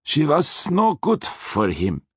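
A man's voice: a little high, wildly swooping pitch, takes it slowly, slightly rough, dry recording, studio quality, voice pushed up, heavily acted. A man voicing a grim, menacing male chauffeur with an Austrian accent in a storybook reading. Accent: put-on Austrian. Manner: menacing, shouting, grimly emphatic.

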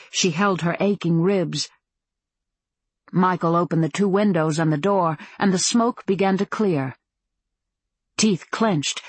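Woman audiobook narrator, husky and dry, measured pacing. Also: lowish voice, no room sound. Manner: even, measured storytelling. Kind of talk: scripted narration.

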